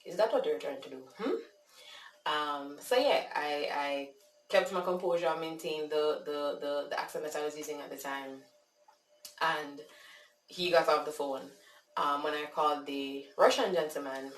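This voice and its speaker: Low-voiced Jamaican woman telling a story. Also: a little slow, slight background noise. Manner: animated, talks with frequent fillers. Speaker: vlogger. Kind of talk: casual storytelling. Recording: echoey room, distant mic.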